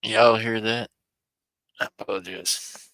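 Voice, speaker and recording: Folksy low-voiced man hosting an auction. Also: fairly even intonation, takes it slowly, pushed and bright, no echo. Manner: folksy, chatty, chuckles often. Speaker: online auction host. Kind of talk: live-stream auction chat.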